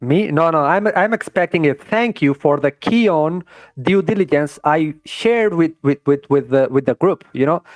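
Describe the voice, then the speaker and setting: A man's voice: on the high side, animated, normal speed, dry recording. A man in a casual live chat, speaking hesitantly and repeating words. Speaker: participant.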